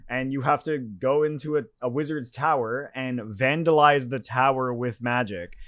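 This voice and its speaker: A man's voice: medium pitch, normal speed, a bit bright, dry recording, clean studio sound. A man co-hosting a podcast in casual chat, laid-back, swearing freely and laughing often. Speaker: podcast co-host.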